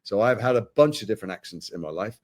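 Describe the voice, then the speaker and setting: A man's voice: fairly low pitch, lively intonation, quick pace. A middle-aged British man with an English accent, a guest actor speaking frankly in a live interview with wry asides. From Britain.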